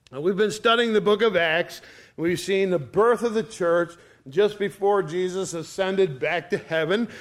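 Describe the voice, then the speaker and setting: Male pastor, folksy sermon storyteller, somewhat high-pitched.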